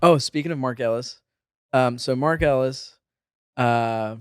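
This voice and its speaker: A man's voice: mid-range voice, a little slow, clean tone, no room sound, studio quality. A man co-hosting a casual podcast, an actor and comedian who tells stories loosely and acts out what other people said. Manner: animated storyteller, acts out quoted voices. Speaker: podcast co-host. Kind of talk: casual chat, storytelling.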